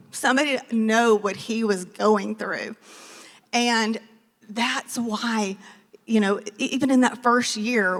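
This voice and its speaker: Woman, slightly high voice, earnest motivational stage talk, hall reverb. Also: a bit bright. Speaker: real estate team leader speaking on stage. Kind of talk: motivational talk with personal story. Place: large conference hall. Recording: long reverb of a large hall.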